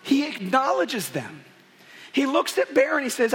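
A man's voice: extremely high pitch, sing-song, a little slow, fairly bright tone, soft background music. A man preaching a sermon at a church service, earnest and building to emphatic peaks. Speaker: pastor.

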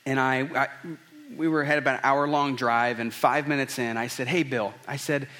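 A man's voice: medium pitch, steady tone, normal speed, pushed and bright. A man preaching a conversational, earnest sermon, often restarting his sentences. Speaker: pastor.

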